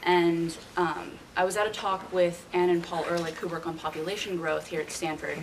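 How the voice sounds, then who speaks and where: A woman in the audience asking a hesitant question, full of fillers. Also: lowish voice. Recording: distant, noisy audience mic.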